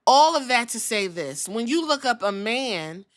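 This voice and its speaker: Blunt, animated woman podcast host. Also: a little high, a little slow. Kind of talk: opinionated casual commentary.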